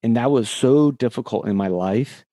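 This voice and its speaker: A man in his forties, a podcast guest, telling a personal story in a candid, animated way and laughing at himself. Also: medium pitch, normal speed, no room sound.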